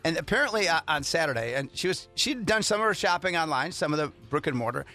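Radio host guy, pretty high voice, bright and chatty. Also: big pitch swings, quick pace, faint music behind. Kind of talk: morning radio chat.

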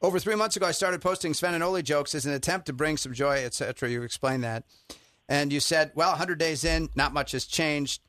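A male radio host with a slightly high voice chats with a guest in a casual way. His sound is dry and close to the mic. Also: brisk, a bit bright, dry recording. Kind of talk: casual interview.

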